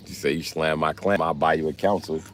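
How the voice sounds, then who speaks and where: A man's voice: very deep voice, steady tone, moderate pace, a little hiss or hum. A man live-streaming, casually reading viewer comments aloud and answering them with crude, rambling jokes. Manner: crude, joking, rambling banter.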